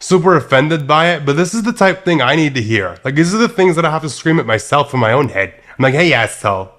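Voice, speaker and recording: A man's voice: a little high, lively intonation, fast, a bit bright. A man hosting a solo podcast, giving blunt, profane advice and laughing often at his own jokes. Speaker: podcast host. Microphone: podcast mic.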